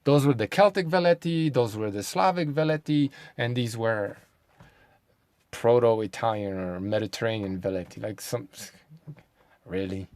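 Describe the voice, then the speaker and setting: A man's voice: medium pitch, normal speed, darkish tone, no room sound. Sarcastic man firing off rhetorical questions. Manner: swears, mutters asides. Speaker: video host. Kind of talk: casual monologue to camera.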